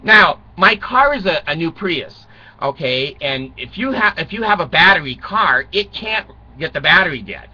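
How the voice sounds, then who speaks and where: A man's voice: on the high side, big pitch swings, moderate pace, sharp tone, husky. An older man telling rambling, self-mocking comic stories, swearing and chuckling, on a dull lo-fi recording. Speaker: vlogger.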